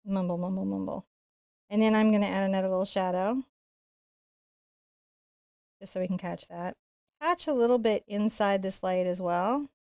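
A woman's voice: medium pitch, normal speed, pauses often, smooth, dry recording, clean studio sound. Chatty woman teaching painting. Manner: chatty and playful, quietly focused while painting. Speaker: painting instructor. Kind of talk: live-streamed painting lesson.

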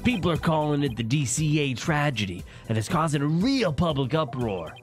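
A man's voice: a little high, big pitch swings, normal speed, over music. A man voicing a scrappy young male rebel in a game, with a folksy pirate drawl and boastful manner. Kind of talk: voicing game dialogue aloud.

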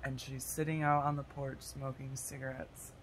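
A woman's voice: very deep voice, little pitch movement, moderate pace, slight background noise. A woman rambling through a silly story idea in a casual monologue, giggling, swearing and losing her train of thought. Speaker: tarot vlogger.

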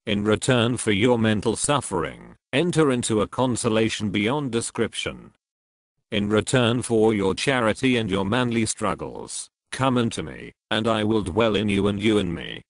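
A man reading the words of the Holy Spirit praising a knight, slow and solemn. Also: on the low side, dry recording, studio quality, close to an everyday voice. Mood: tender.

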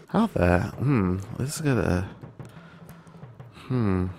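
A young man quietly commentating his own gameplay, halting and full of fillers, cursing under his breath when stuck. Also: low-pitched, gravelly. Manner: quiet, halting, muttering with frequent fillers and curses. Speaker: gaming channel host. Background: game music.

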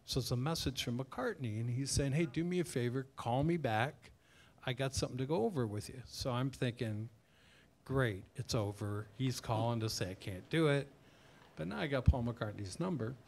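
A man's voice: mid-range voice, normal speed, a little mellow. A man as a guest author, animatedly telling an anecdote at a live tavern event and slipping into quoted voices. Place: tavern event before an audience.

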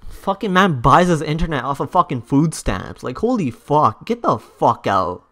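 A man's voice: medium pitch, big pitch swings, unhurried, hardly any pauses. Young man raging wildly over a game. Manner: angry swearing, shouting outbursts at opponent. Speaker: gaming YouTuber. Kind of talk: live gameplay commentary.

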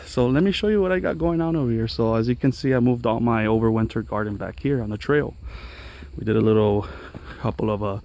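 Walking through his pepper plants outdoors on a mountain trail garden, this LA-area man chats eagerly to his audience in a casual vlog. He talks a bit fast, with a darkish tone, medium pitch and some vocal fry.

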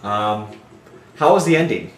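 A man's voice: on the low side, a little slow, a little hiss or hum. A man co-hosting a charity game stream, chatting casually and joking while the game plays. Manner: joking, animated, slips into silly voices. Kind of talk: casual gaming stream chat. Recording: echoey room with game music behind.

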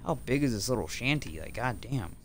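A young man streaming a horror game, cursing constantly and swinging between loud outbursts and muttered asides. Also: mid-range voice, expressive, a little fast, slight background noise. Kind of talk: casual gameplay commentary.

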